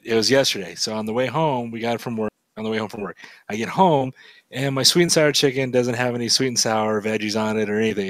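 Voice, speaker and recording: A man hosting an art livestream who chats casually and tells a rambling, animated story. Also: on the low side, no room sound. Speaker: livestream art show host. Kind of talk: casual banter while drawing.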